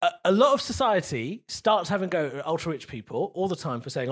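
A man's voice: fairly high pitch, very animated, fairly quick, breathy edge. A man in his thirties co-hosting a comedy podcast in casual chat, arguing his point at length. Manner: argumentative, defends himself at length.

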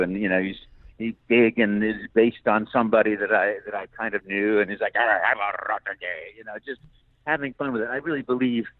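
A man's voice: on the low side, no echo. An older man, a voice actor guest, chatting enthusiastically and laughing often in an interview, heard over a tinny phone line. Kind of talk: casual interview chat.

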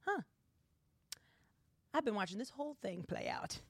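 A woman's voice: mid-range voice, big pitch swings, normal speed, gravelly, breathy edge, dry recording, exaggerated voice. A woman voicing God as an unimpressed deity questioning a man who suffers, while she retells a story on a podcast. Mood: challenging.

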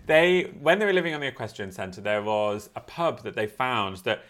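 A man co-hosting a casual podcast at a middling pitch. He sounds wry and jokey, telling family stories in an easy chat. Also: big pitch swings, unhurried, fairly bright tone. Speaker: podcast co-host.

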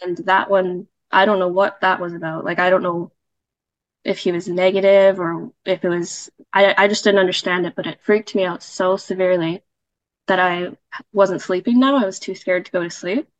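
A woman's voice: fairly low pitch, steady tone, moderate pace, dry recording, dull audio. A woman casually telling a personal story as a podcast guest, chatty, with fillers and laughs.

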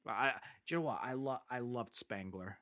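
A man's voice: mid-range voice, fairly quick, a bit bright. A man in casual chat about a film, eagerly quoting its lines. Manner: enthusiastic, quotes film lines with relish.

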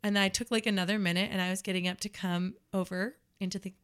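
A woman's voice: mid-range voice, level tone, fast talker, a bit bright, smooth. Woman nanny telling stories casually. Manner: storytelling, acts out quoted voices. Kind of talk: casual chat.

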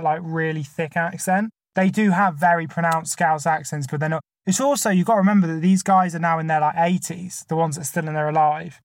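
A man's voice: on the high side, dry recording. Podcast co-host, male, casual talker, argues in numbered points, dry close sound. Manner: enthusiastic, argues point by point with many fillers. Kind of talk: casual chat.

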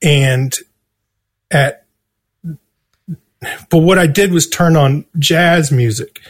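A man's voice: on the high side, extremely slow. A man telling a story casually, swearing a lot and laughing along as he goes. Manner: animated, swears constantly, laughs through the story. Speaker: storytelling guest.

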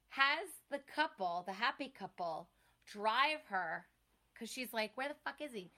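A woman's voice: mid-range voice, unhurried. A young woman co-hosting a casual chat, retelling a movie plot with lots of swearing and acted-out lines. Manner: profane, animated storyteller acting out scenes.

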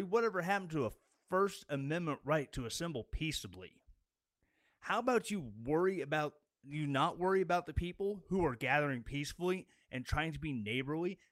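A man's voice: a little high, animated, normal speed, a bit bright, dry recording, studio quality. A man giving an angry, sarcastic political rant as a commentator. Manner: sarcastic and combative.

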